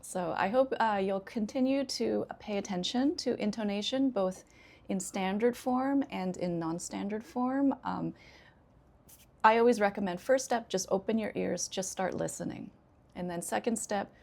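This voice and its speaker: A woman ESL teacher with an American accent, giving a spoken English lesson in a clear, deliberate way and addressing learners directly. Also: fairly low pitch, a little mellow. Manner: clear, deliberate teaching delivery with example sentences.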